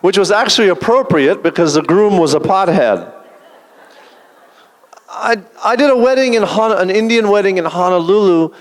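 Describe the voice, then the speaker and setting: A man performing a stand-up comedy set, delivering deadpan one-liners with dry asides. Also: high-pitched, moderate pace. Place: large event hall. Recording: long hall reverb.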